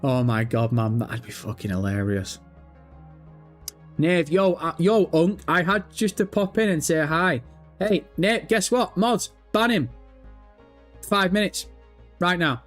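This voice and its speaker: Male streamer, crude and playful, slightly raised pitch, faint music bed. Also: lively intonation, a little slow. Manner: profane, jokey banter, mock-insulting viewers. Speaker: livestream host. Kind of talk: casual live chat reading comments.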